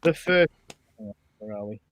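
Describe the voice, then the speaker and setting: A man hosting a podcast chats casually and reads out messages, rambling, swearing freely, chuckling and using lots of fillers. His voice is lowish, animated and a bit bright at normal speed, and there's no room sound.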